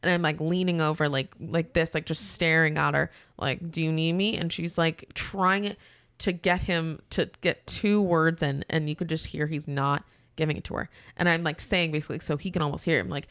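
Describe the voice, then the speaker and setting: A woman guest on a podcast, telling a story in a casual, animated way and acting out both sides of a phone call. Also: deep voice, normal speed, clean tone, no room sound, studio quality.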